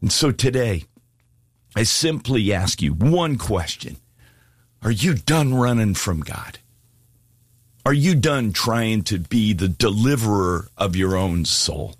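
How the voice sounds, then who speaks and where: Husky low-voiced male preacher. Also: expressive, slow, long pauses, no room sound, clean studio sound. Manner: earnest, pleading, rising to fervent appeals. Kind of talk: sermon with altar call.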